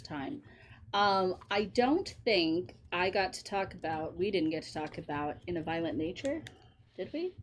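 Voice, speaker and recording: A woman's voice: fairly low pitch, lively intonation, unhurried, slight background noise. A woman co-hosting a movie podcast, gushing and exclamatory in casual chat. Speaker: podcast co-host.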